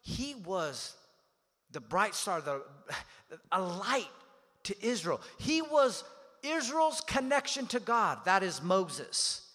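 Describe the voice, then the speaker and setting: A man's voice: high-pitched, very animated, slow pace. A man preaching a sermon as pastor, emphatic and dynamic, calling on the congregation to repeat phrases. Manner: dynamic preaching with swings in loudness. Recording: long hall reverb.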